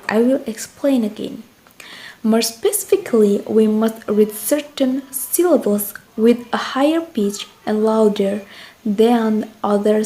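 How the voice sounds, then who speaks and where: A woman's voice: on the high side, mellow, rough recording. A young woman with an Indonesian accent, a student patiently explaining word stress and speaking to the viewer. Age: young adult. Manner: patient, addresses the viewer directly. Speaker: student presenter. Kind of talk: explanatory lesson.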